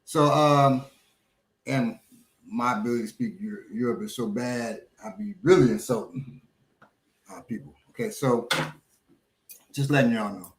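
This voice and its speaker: Halting middle-aged man, roomy sound. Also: mid-range voice, a little hiss or hum. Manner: halting, many pauses and fillers. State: slightly slurred speech after a small stroke. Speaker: podcast host and instructor. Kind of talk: casual chat.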